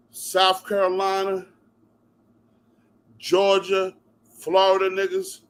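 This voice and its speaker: A man's voice: high-pitched, fairly bright tone. A man from New Jersey ranting to camera as a vlog commentator, heated and repetitive, cutting in with "yo" and "bruh". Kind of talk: profane rant to camera.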